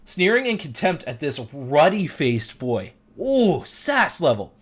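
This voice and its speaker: Man, host; casual slangy storyteller, bouncy lively delivery, tone sits slightly high. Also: moderate pace, breathy edge. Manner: slangy and playful, acting out characters' quotes. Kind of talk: casual retelling of a Bible story.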